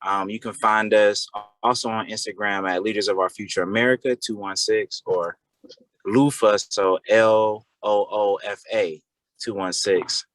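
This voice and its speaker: A man with a Cleveland accent, a guest on an interview show, talking in a relaxed, laid-back way over a remote call. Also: on the low side, unhurried, no room sound, rough recording. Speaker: guest, founder of a bee farm.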